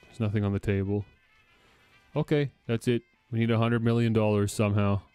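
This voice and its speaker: A man's voice: lowish voice, level tone, a little fast, mellow, clear, resonant tone. Streamer guy, sore throat, rambly and laughing, game music faint. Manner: chatty, laughs often, rambling. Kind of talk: casual let's-play commentary.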